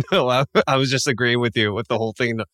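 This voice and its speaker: A man co-hosting a casual podcast who explains film tricks in a relaxed way and laughs easily. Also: medium pitch, fast talker, dry recording. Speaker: podcast co-host. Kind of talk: casual chat.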